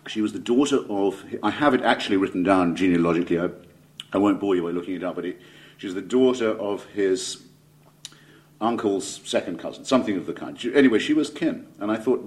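A man's voice: deep voice, a little fast. A man with an English accent giving a public lecture, wry and digressive, with ironic asides and frequent self-corrections. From England.

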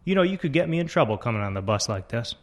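A man's voice: medium pitch, sing-song, fast talker, lightly acted. A man reading a story aloud, voicing a pushy middle-aged male bus driver who talks over his friend. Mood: insistent.

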